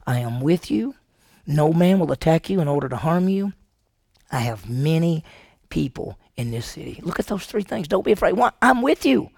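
A man preaching a sermon to his congregation, animated and asking the room questions. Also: fairly high pitch, normal speed, vocal fry, husky, no room sound, clean studio sound. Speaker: pastor. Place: church sanctuary.

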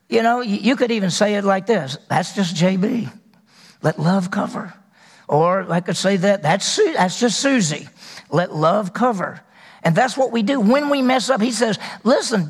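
High-voiced gravelly preacher in a hall. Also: male voice. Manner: conversational preaching, asks the congregation questions. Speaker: pastor. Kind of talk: sermon.

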